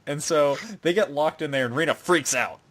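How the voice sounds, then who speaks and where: A man's voice: fairly high pitch, normal speed, a bit bright. A young man co-hosting a podcast, casually retelling a plot and acting out the lines. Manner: rambling plot recap with put-on voices. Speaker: podcast co-host. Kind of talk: casual chat.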